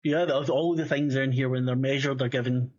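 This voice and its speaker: A man's voice: medium pitch, fairly even intonation, fast, highs cut off. A man running a tabletop game as game master, rambling and swearing, full of fillers and restarts.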